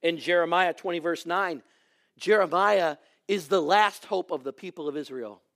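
A man with a notably high voice delivers a sermon from the pulpit. He tells his stories with drama, rising to bursts of emphasis and then dropping to hushed, almost whispered lines. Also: normal speed. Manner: dramatic storytelling, swinging from raised exclamations to hushed near-whispers. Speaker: preacher.

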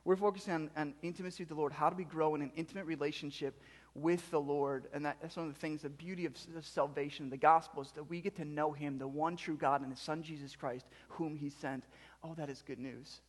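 Male pastor, high voice, quiet reflection rising to loud, emphatic preaching, long hall reverb. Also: steady tone, fast. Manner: interacts with the congregation. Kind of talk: sermon.

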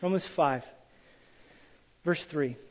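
A man preaching a sermon in a church hall, telling stories with animated, acted-out quotes. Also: on the high side, slow pace. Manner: animated storytelling, acts out quoted voices. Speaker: pastor. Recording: dull sound in a hall with long reverb.

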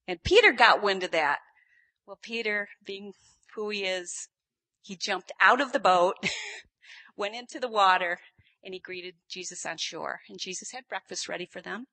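A woman preaching a sermon, telling the story with lively, animated delivery and sudden loud bursts. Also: medium pitch, moderate pace.

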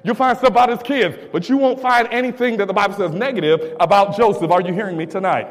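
High-voiced shouting preacher in a hall. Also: male voice, fast. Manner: call-and-response preaching, stammering restarts, rising to shouts. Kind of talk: sermon. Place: church. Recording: long reverb of a church hall.

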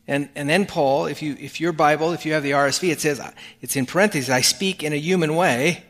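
A male pastor delivers an earnest sermon explaining a passage of scripture, frequently restarting his phrases. His voice is on the high side and a bit bright, and he speaks briskly with hardly any pauses, all wrapped in long hall reverb.

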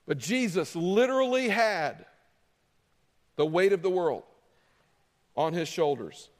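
A man's voice: sits high, animated, takes it slowly, in a large hall. A man preaching a sermon as pastor, talking conversationally to the congregation and acting out their objections in their voices.

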